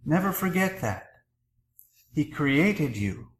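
A man preaching a sermon as a priest, earnest and measured, pausing between phrases. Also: fairly high pitch, very animated, roomy sound, poor audio. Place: church.

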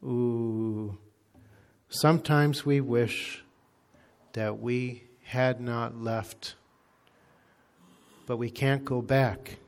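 A bitter, anguished fallen demon, speaking slowly and low with pained regret, as a preacher quotes him. The words come measured and heavy, with an even, middle-pitched male voice beneath. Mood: regretful, pained.

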